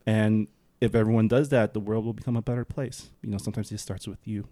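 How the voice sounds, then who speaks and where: Brief: tired man co-hosting a podcast, somewhat low voice, dry close sound. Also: steady tone, fast, dark tone, no room sound. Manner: easygoing, laughs often, chatty. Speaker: podcast co-host. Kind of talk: casual podcast chat.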